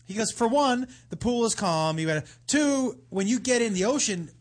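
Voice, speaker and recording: A man in casual conversation tells a long story with swooping, lively pitch and a fairly high voice. He curses freely and acts out the other people's lines as he goes. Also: normal speed. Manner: animated, profane, acts out quotes.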